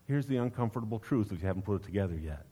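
A man's voice: on the low side, lively intonation, racing, mellow, slightly rough. Conversational male preacher. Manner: conversational, rhetorical questions. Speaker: pastor. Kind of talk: sermon.

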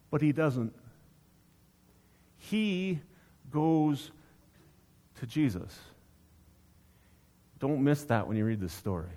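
A man's voice: a little high, lively intonation, slow pace, long pauses, warm tone. Conversational male preacher. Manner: conversational, rhetorical questions. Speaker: pastor. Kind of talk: sermon.

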